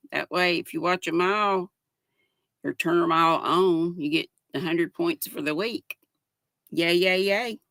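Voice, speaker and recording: A woman's voice: on the low side, sharp tone, no room sound. An older woman with a Southern US accent, chatting casually on a livestream, reading out viewer comments and greeting them by name in a folksy way. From United States. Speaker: livestream host. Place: home.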